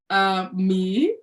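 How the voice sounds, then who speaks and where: A young woman from Providence, an acting student, chatting quietly and hesitantly on a video call from her bedroom. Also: medium pitch. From Providence, Rhode Island. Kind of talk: casual video-call chat. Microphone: laptop on a video call.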